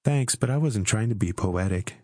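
A man's voice: on the low side, expressive, moderate pace, dark tone, no room sound, clean studio sound, voice pushed up. A man voicing a polite young female airline stewardess in an audiobook, in a poised, courteous manner. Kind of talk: audiobook character voice.

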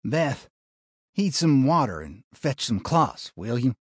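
A man's voice: mid-range voice, big pitch swings, slow, slightly rough, no echo, clean studio sound, voice pushed up, heavily acted. A man voicing a grim frontier town marshal and father, terse and commanding. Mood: urgent.

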